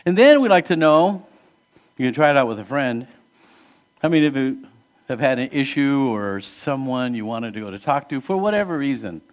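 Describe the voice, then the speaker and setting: Speaking at medium pitch, a man preaches as pastor with an earnest, conversational manner. He questions the congregation and alternates between emphatic climbs and soft, hushed dips.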